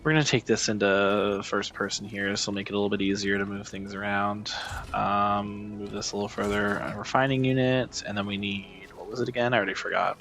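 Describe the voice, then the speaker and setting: A man's voice: lowish voice, level tone, a little fast, a bit bright. A man giving casual gameplay commentary, muttering, swearing and calling himself an idiot as he works. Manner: self-deprecating, swearing, frustrated muttering. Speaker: gaming streamer.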